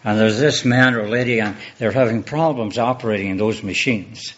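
A man preaching a sermon as a pastor, measured and earnest, building on repeated rhetorical questions. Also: lowish voice, highs cut off, slight background noise.

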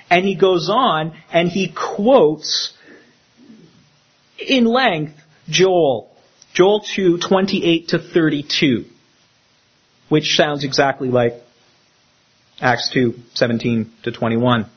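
A man, a pastor, preaching a sermon in an animated way and acting out the quotes he tells. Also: on the high side, measured pace, long pauses, husky, muffled recording.

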